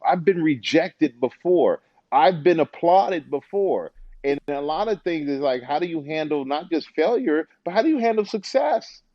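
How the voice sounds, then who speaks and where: A man guest in a casual interview, an animated storyteller who acts out the voices he quotes. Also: fairly high pitch, normal speed, no room sound, muffled recording. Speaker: interview guest, former football player and TV host.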